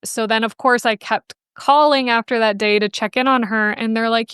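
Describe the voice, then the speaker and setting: Smooth, clear-voiced woman telling a story. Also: on the high side, fairly even intonation, moderate pace, few pauses, a bit bright, no room sound, studio quality. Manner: chatty and emotional, quotes people in playful voices. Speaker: podcast guest, animal welfare researcher. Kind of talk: casual interview storytelling.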